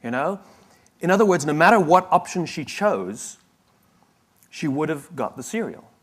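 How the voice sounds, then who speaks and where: A man's voice: a little high, big pitch swings, moderate pace, fairly bright tone, slightly rough. A middle-aged man giving a motivational talk, telling a self-deprecating story with humor and frequent restarts. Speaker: speaker.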